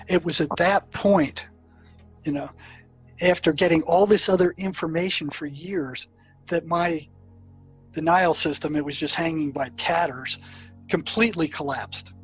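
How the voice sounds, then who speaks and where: A man's voice: fairly high pitch, unhurried, pauses often, soft background music, rough recording. An older man, a psychiatrist, telling stories from his work in an interview, with many fillers and restarts. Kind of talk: storytelling in an interview.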